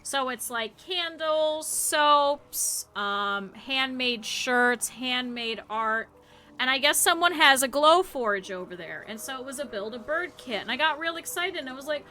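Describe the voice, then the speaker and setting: A woman streaming a game, rambling casually and bursting into loud excited outbursts. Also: sits high, a little slow, slight background noise. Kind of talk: casual gaming stream chat.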